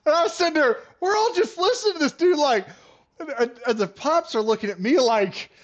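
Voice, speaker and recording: A man streaming a game while telling a long, animated story with lots of laughs and restarts. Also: extremely high pitch, brisk, muffled recording. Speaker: gaming streamer. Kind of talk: casual storytelling on a live stream.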